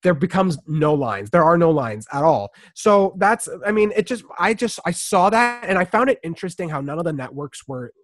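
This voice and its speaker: A man's voice: on the high side, big pitch swings, moderate pace, few pauses, no room sound. A man co-hosting a casual sports podcast, rambling and restarting his sentences. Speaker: podcast co-host.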